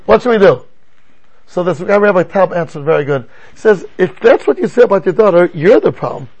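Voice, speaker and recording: Animated gravelly rabbi teaching. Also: male voice, high voice, brisk, poor audio. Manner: animated, rhetorical questions, frequent stammering restarts. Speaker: rabbi teaching a Torah class. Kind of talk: animated Torah lecture.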